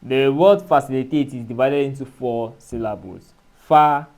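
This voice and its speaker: A man teaching an exam-prep lesson, speaking in a measured way and spelling out letters and syllables. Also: medium pitch, mellow. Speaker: exam tutor.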